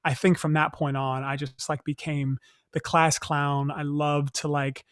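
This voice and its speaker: A young man from Northern California, a stage actor as interview guest, telling stories in a reflective, soft-spoken way with many fillers and restarts. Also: fairly high pitch, level tone, measured pace, smooth. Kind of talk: casual interview storytelling.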